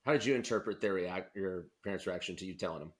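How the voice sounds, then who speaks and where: A man's voice: low voice, quick pace. A man co-hosting a podcast, interviewing guests in a loose, conversational way, often restarting his sentences. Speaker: podcast co-host, doctor.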